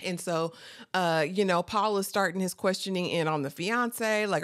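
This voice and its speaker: A woman giving a chatty, animated TV episode recap, laughing often and calling the listener honey. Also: medium pitch, normal speed, dry recording, studio quality. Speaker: TV recap host.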